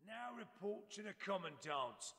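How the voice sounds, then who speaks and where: An actor playing a gruff male drill sergeant who barks mocking orders at a new recruit. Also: high-pitched, sing-song, measured pace, pushed and bright, in a large hall, exaggerated voice.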